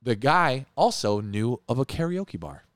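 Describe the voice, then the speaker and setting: A young man from California in casual chat, animated and argumentative, swearing freely as he tells stories. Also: medium pitch, unhurried, no echo. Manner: animated storytelling, puts on voices for quotes.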